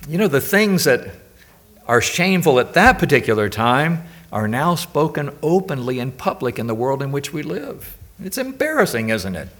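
An older male preacher delivers a sermon in a relaxed, conversational way. His voice sits at a middle pitch, and he weaves in personal stories and frequent questions to the congregation. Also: moderate pace. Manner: conversational, anecdotal, asks the audience questions.

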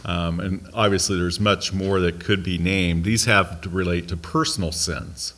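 Low bright-toned American man teaching Bible study. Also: steady tone, moderate pace. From United States. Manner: conversational, asks the class questions, joking asides.

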